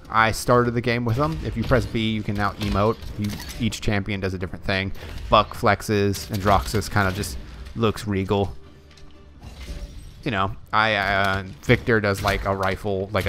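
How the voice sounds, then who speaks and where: A young man with a lowish voice chats through a gaming video, wandering and self-correcting as he goes. Faint music plays underneath his commentary. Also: flat delivery, moderate pace, fairly bright tone. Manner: rambling, self-correcting, chatty. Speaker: gaming YouTuber. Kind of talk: casual gameplay commentary.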